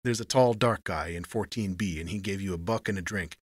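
A man's voice: low voice, fairly quick, no echo, studio quality. A man reading a hard-boiled hotel detective who talks in curt, growling lines.

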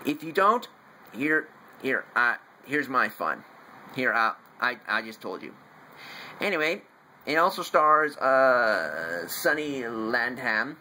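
A young man, in his teens, reviewing a movie at home in a rambling, excitable way, talking in bursts. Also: medium pitch, slow pace, rough recording. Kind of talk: casual home video review. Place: room at home, family in the house. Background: faint TV noise from downstairs.

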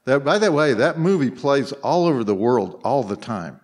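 A man's voice: mid-range voice, sing-song, normal speed, darkish tone, husky. A man telling loose anecdotes to a live convention audience, circling back with fillers and restarts. He chuckles often, and his voice sits in an ordinary middle range. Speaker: panel guest. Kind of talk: anecdotal storytelling on a live panel. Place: convention panel room.

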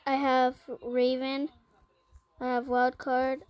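Slow, high-voiced female gaming vlogger. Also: monotone, a little mellow, smooth, no echo, poor audio. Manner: listing items one by one, with many ums and pauses. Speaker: gaming channel host. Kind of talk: casual gaming vlog.

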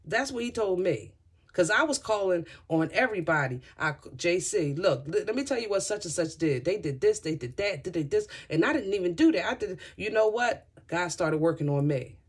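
A woman's voice: fairly low pitch, lively intonation, moderate pace, slightly rough. Chatty, effusive woman tarot reader. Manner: chatty and effusive, rambling asides; addresses listeners directly and often. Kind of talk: casual tarot reading to viewers.

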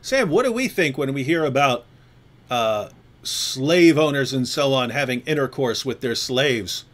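A man's voice: mid-range voice, animated, a little slow, a bit bright. A man hosting a discussion, talking emphatically, repeating points for stress and asking rhetorical questions. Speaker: host. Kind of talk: polemical discussion with a co-host.

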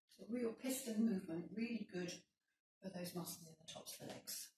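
A woman's voice: medium pitch, fairly quick, mellow, heavy reverb, distant mic, a little hiss or hum, rough recording. A woman leading a workout, giving encouraging step-by-step instructions and counting reps, a little out of breath. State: slightly out of breath. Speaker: fitness instructor.

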